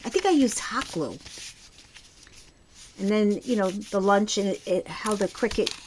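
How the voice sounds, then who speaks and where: A woman's voice: medium pitch, animated, unhurried, darkish tone, a little hiss or hum. A woman with a Brooklyn accent chatting enthusiastically as she shows her craft projects, rambling with a few restarts. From Brooklyn, New York. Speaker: crafting channel host. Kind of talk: casual crafting show-and-tell.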